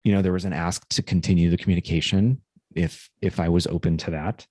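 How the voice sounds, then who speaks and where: A male podcast co-host telling a personal story in a casual, thoughtful way, often halting and restarting. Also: sits low, steady tone, dark tone, breathy edge, dry recording, studio quality.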